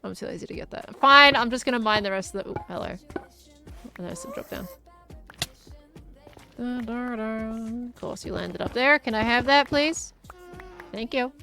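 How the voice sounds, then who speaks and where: A woman's voice: fairly high pitch, animated, a little fast, creaky, bright, forceful tone, faint music behind. A woman chatting casually and giggling as she thinks aloud while playing a game. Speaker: gaming streamer.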